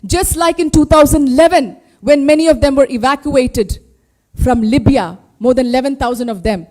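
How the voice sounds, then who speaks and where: A woman with an Indian English accent speaks at a press briefing, her voice pitched noticeably high. She presses her points with one pointed rhetorical question after another, speaking as a spokesperson for her party. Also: moderate pace, darkish tone. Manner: impassioned, full of rhetorical questions. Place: party headquarters press room.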